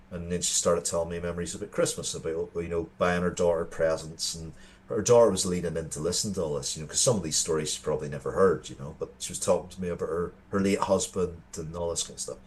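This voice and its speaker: Irish male co-host, thirties, low register, sincere storyteller. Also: a little mellow. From Ireland. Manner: earnest storytelling with frequent restarts. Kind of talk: casual chat.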